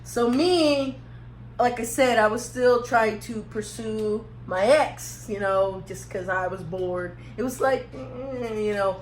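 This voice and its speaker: A young woman with a fairly high voice speaks slowly as she tells a casual storytime vlog, rambling and laughing at herself with some self-teasing. The room is echoey, with a faint hum in the background.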